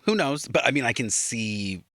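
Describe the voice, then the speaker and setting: A man with a Minnesota accent, co-hosting a podcast and recapping plot points in relaxed, casual chat with light asides. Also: medium pitch, moderate pace, no room sound, studio quality. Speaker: podcast co-host.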